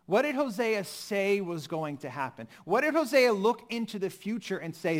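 Male pastor, high voice, expressive preaching with hushed drops. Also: normal speed, few pauses. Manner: expressive, swings from emphatic to hushed. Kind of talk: sermon.

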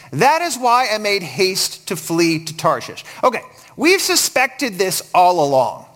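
A man's voice: high voice, a bit bright. A male pastor preaching a sermon, emphatic, asking his listeners question after question.

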